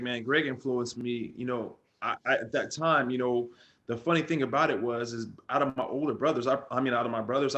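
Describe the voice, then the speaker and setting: Relaxed man telling stories. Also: medium pitch. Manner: relaxed, animated storyteller. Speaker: interview guest, former football player. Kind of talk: casual storytelling.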